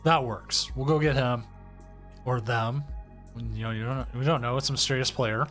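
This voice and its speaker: A man's voice: mid-range voice, normal speed. Easygoing male co-host, casual stream banter with a lot of stops and starts, faint music underneath. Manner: relaxed, hesitant, repeats words. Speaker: stream co-host running the tournament.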